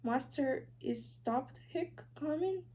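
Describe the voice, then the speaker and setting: A woman's voice: high voice, lively intonation, takes it slowly, dark tone, slight background noise, pitched above the performer's own voice. A woman with a Ukrainian accent voicing a drunk, tearful female house-elf who hiccups between words.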